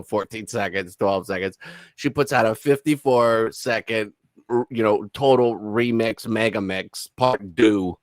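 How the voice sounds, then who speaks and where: A man's voice: fairly low pitch, dry recording. Brief: sarcastic male commentator, casual, dry room. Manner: sarcastic, exclaims and mocks.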